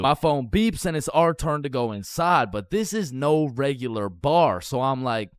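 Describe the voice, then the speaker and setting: A young man narrating a comedic dating story in slangy, animated storytime style, slipping into other voices. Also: mid-range voice, normal speed, few pauses, smooth, dry recording, clean studio sound. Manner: slangy, animated, playing several characters.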